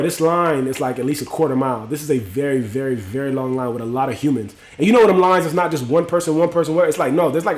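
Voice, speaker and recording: Animated, high-voiced male livestreamer. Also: reverberant. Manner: animated, profane, street slang. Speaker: livestream host. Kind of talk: casual storytelling to live chat.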